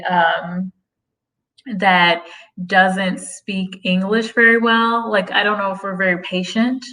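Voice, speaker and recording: On a low-quality recording, a young woman from the U.S. chats casually as a livestream host, reading out viewer comments and answering them. Her voice sits at medium pitch and sounds a bit bright.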